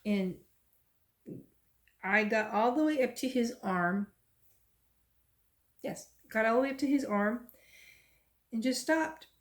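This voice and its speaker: Chatty woman with a higher voice. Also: takes it slowly, long pauses. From Texas. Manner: chatty, rambling, lively when retelling stories. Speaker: cross stitch vlogger. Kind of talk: casual chat and storytelling.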